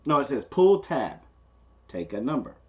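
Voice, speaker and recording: A man's voice: medium pitch, measured pace, lo-fi sound. A man telling a story in casual chat, acting out the people he quotes. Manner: animated, acts out the people he quotes. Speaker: co-host.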